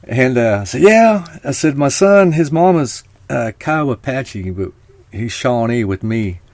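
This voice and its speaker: A man's voice: mid-range voice, lively intonation, a little slow, a little mellow, no echo. A man hosting a live podcast stream, talking casually and rambling to his viewers. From Oklahoma. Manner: chatty, rambling, talks to viewers. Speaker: podcast host.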